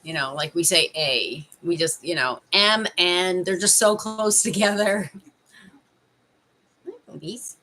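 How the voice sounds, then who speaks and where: A Canadian woman in her thirties chats with viewers on a casual live stream from home. Her voice is bright and crisp, and she keeps up a teasing, joking tone and laughs often. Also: on the low side, unhurried, hardly any pauses, a little hiss or hum. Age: 30s. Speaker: life coach hosting a live stream.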